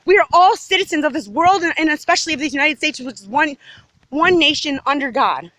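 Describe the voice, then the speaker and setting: A woman's voice: high-pitched, lively intonation, a little fast, fairly bright tone, no echo. A woman giving a rambling, agitated monologue to the camera outdoors in her neighborhood, jumping from topic to topic. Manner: agitated, emphatic, jumps between topics. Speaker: vlogger.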